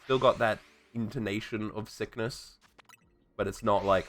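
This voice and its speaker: A man's voice: fairly low pitch, fairly even intonation, normal speed. A man streaming a game while sick, with a sore throat, chatting in a rambling, profane way. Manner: rambling, profane, self-talking. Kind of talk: casual gameplay chat. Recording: faint music behind.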